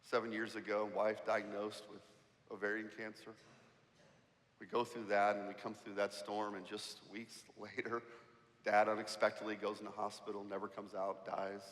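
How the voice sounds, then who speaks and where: Bright-voiced preaching pastor, reverberant hall. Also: male voice, fairly low pitch, normal speed. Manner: animated, emphatic preaching with rhetorical questions. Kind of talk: sermon. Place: church sanctuary. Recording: church hall with long reverb.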